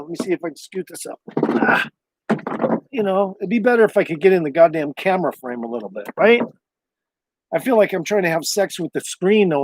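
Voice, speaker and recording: Profane rambling male livestreamer. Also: sits high. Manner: loose, profane, meandering talk. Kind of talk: casual rambling livestream chat.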